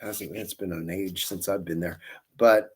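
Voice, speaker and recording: A deep, slightly breathy male voice, steady in tone and measured in pace, belongs to a balloon twister streaming live. He greets viewers by name and rambles through friendly asides, hands busy twisting balloons as he talks.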